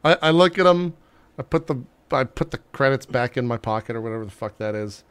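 A man's voice: mid-range voice, animated, a little fast, clear, resonant tone. A man playing in a tabletop game, brash and playful, swearing freely. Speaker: player. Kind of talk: tabletop role-play, casual.

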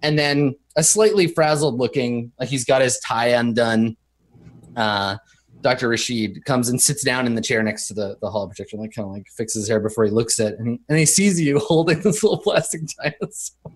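A man's voice: mid-range voice, a little fast. A man narrating as game master in a tabletop game, loose and full of fillers.

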